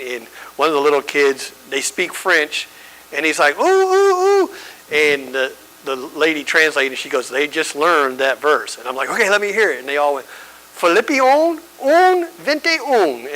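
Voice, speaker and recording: Bright-voiced man teaching Bible study. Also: mid-range voice, low-quality recording. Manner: conversational, emphatic, checks in with the audience. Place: church.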